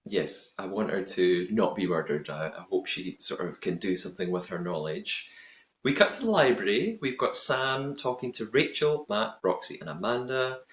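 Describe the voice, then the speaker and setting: A man hosting a podcast, recapping a reality show in a chatty, giggly, animated way. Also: lowish voice, normal speed. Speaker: podcast host. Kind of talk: casual recap chat. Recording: roomy echo.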